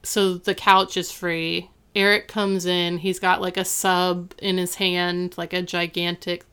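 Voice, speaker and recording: Smooth-voiced woman casually recapping. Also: lowish voice, level tone, measured pace, a bit bright. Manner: chatty, frequent "like" fillers. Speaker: podcast co-host.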